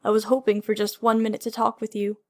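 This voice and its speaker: A woman's voice: medium pitch, completely flat delivery, fast, darkish tone, natural voice. A woman reading the part of a grave male hero leader, speaking in an earnest, apologetic and insistent way in an audiobook. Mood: earnest pleading.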